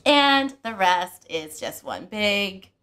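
A middle-aged woman hosting a family book channel, chatting and retelling a story in an animated way. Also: medium pitch, takes it slowly, smooth. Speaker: book channel host and mother. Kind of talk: casual family chat.

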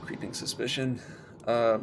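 A man streaming a strategy game, talking excitedly to himself and his chat, urging his troops on in frantic bursts. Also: mid-range voice, a little slow, vocal fry, over music. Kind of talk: live strategy game commentary.

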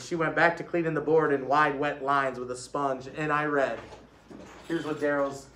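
A man reading a children's book aloud, animated, giving each classroom character a voice. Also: on the high side, normal speed, echoey room. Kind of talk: read-aloud storytelling.

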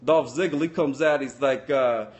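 A man's voice: mid-range voice, moderate pace, natural voice. A man voicing a folksy male sock-puppet patrol cop who rambles with loose grammar while chatting with viewers on a comic live stream. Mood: chatty.

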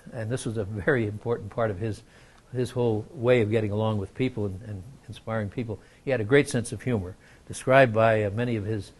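An older man giving a lecture, telling an anecdote in a measured way with frequent pauses and fillers. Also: fairly low pitch, a little mellow. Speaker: guest lecturer.

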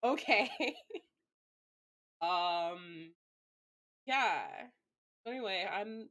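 A woman streaming live, talking slowly in an unhurried, rambling way. She mutters to herself with plenty of fillers and casual swearing, at an ordinary pitch. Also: a bit bright. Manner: rambling self-talk with frequent swearing and fillers.

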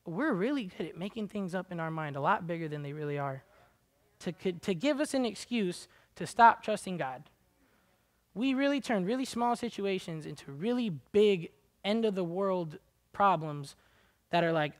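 A man preaching a conversational sermon, casual and chatty with many "like" fillers, swinging between quiet asides and loud, high exhortation. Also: expressive, normal speed.

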